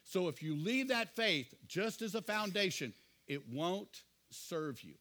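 High-voiced earnest male pastor preaching. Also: animated, unhurried. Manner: earnest, questioning the congregation, drops to quiet asides. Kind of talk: sermon.

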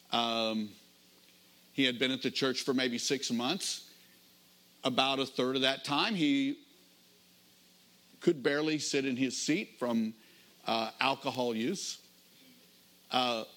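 A middle-aged pastor delivers a sermon like he's telling a story in conversation, slowing down to stress the key phrases. His voice sits in the mid range with a fairly bright tone.

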